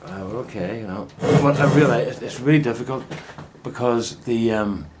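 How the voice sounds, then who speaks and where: An older man, a gardening vlogger, rambles casually to camera while working outdoors in his vegetable plot. He's meandering and chummy, full of restarts and asides. His medium-pitched voice moves at normal speed over heavy background noise.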